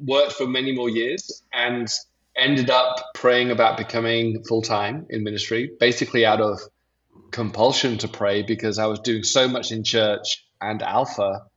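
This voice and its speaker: English pastor telling stories. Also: male voice, mid-range voice, fairly even intonation, moderate pace, a bit bright, slightly rough. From England. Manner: self-deprecating, anecdotal storytelling. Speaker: pastor and podcast guest. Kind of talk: casual podcast conversation. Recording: slightly dull lo-fi audio.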